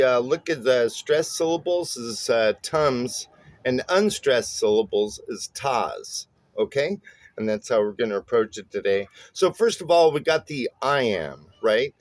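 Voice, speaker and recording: A man, a bass teacher, giving a relaxed spoken lesson with many fillers and small chuckles. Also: no room sound. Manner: relaxed and chatty, many "uh" and "um" fillers, chuckles at his own jokes.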